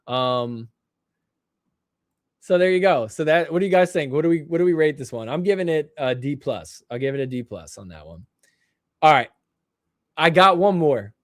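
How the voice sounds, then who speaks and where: A young man hosting a live stream, joking and excitable as he reacts to clips and laughs often. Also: fairly high pitch, normal speed, long pauses, dry recording, clean studio sound. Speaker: livestream show host. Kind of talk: casual live-stream commentary.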